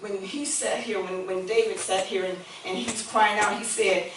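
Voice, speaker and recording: A woman's voice: medium pitch, steady tone, normal speed, slight background noise. Woman preacher in her sixties, echoey church. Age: 60s. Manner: conversational preaching, rising to emphatic declarations. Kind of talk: sermon with call-and-response. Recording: echoey church room, mic far off.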